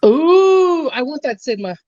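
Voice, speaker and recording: A woman's voice: sits high, sing-song, a little slow, a little mellow, dull audio. A woman bantering and teasing in casual chat over a video call.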